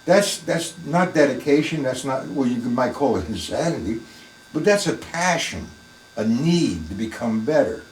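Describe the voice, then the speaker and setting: A man's voice: medium pitch, expressive, normal speed, reverberant, recorded from a distance, a little hiss or hum, low-quality recording. A man teaching a live online drum lesson, plain-spoken and emphatic, talking through the strokes as he plays them in his practice room.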